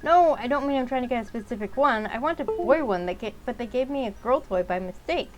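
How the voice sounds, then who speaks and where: A blunt, combative young girl with a quick temper, as a woman reads her aloud while playing a game. She talks back with a fairly high, pointed voice. Her lines come in short, clipped bursts of defiance. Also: expressive, over music, natural voice. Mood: defiant.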